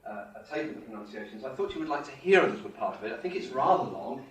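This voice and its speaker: A man's voice: medium pitch, expressive, fast talker, fairly bright tone, echoey room, distant mic, poor audio. A man presenting to a live audience, chatty and wry, joking with the crowd. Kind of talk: casual talk to an audience.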